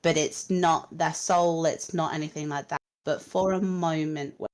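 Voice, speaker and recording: A woman narrating as game master of a tabletop role-playing game, telling the scene softly and without hurry. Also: sits low, steady tone, normal speed.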